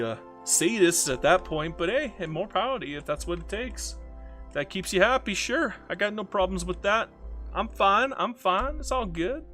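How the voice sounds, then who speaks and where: Bright-voiced man rambling on a live stream. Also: sits high. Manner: rambling, self-mocking, reads chat aloud. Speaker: game streamer. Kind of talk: casual live-stream commentary.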